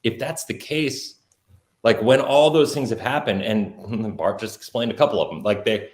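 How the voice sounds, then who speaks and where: Male guest, low voice, earnest storyteller, echoey room. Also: moderate pace. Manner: earnest, many fillers like "like". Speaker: podcast guest, entrepreneur. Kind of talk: personal storytelling in an interview.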